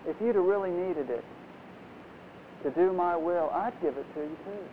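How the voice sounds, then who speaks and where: A man voicing God speaking softly and reassuringly to a believer, in a dull lo-fi recording. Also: high voice, normal speed, natural voice. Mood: tender. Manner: soft, hushed and reassuring. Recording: dull lo-fi recording, faint noise.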